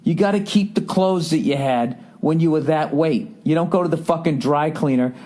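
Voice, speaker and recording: A man's voice: on the high side, moderate pace, darkish tone. A middle-aged man hosting a podcast, telling stories in a profane, exasperated comedic rant. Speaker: podcast host.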